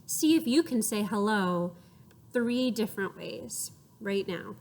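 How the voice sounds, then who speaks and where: A woman reading a picture book aloud to children, expressive and playful, acting out sound effects and inviting her young listeners to join in. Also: mid-range voice, takes it slowly, vocal fry, a little hiss or hum. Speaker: storyteller for children.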